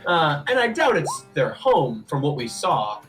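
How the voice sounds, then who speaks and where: A man running a tabletop game on a live stream, his voice a little higher than most men's. His pitch moves a lot and he hedges with frequent ums. Faint music plays behind him. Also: measured pace. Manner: relaxed, hesitant, with frequent ums. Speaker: game master.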